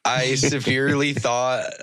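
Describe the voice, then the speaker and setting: A man on a podcast panel in casual chat, speaking haltingly with dry humor. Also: medium pitch, flat delivery, fairly bright tone.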